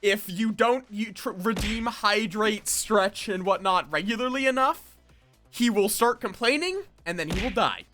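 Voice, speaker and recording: Faint music sits behind a medium-pitched, slightly bright voice that takes its time. The streamer games and chats casually with the audience, rambling and stopping themselves partway through ideas.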